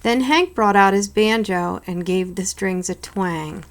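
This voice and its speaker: A woman's voice: mid-range voice, a little slow. Home read-aloud: a woman reading children's books, unpolished, with small slips. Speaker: reader.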